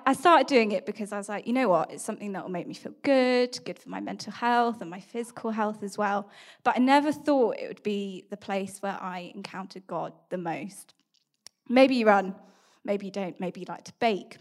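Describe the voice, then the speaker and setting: A young woman hosting a podcast, giving a devotional talk in a chatty storytelling way, full of fillers and asides, and dropping to a hush when she quotes. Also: medium pitch. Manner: drops to a hush when quoting. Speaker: podcast host.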